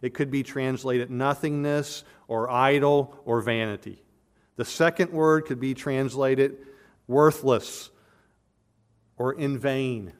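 A man's voice: mid-range voice, fairly even intonation, slow, clean tone. Earnest male preacher, emphatic delivery. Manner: earnest, emphatic, repeats and restarts words. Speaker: pastor. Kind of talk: expository sermon.

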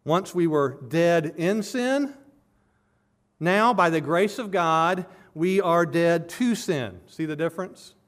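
A man's voice: fairly high pitch, slow. A man preaching an expository sermon, earnest and building to emphatic peaks as he explains a scripture passage verse by verse.

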